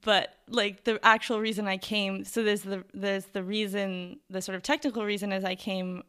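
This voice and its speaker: A woman's voice: mid-range voice, level tone, moderate pace, a bit bright, clean tone. A woman guest on a podcast in casual chat, who giggles and rambles with many hesitations.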